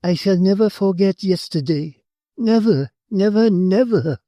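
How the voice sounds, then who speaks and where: A man voicing a grieving young female servant who speaks low, trembling and intense. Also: measured pace, mellow, no echo, studio quality.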